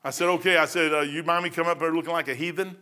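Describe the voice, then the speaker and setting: A man's voice: a little high, steady tone, very fast, bright, forceful tone. A man preaching a sermon as a pastor, telling folksy stories and rising into fervent preaching.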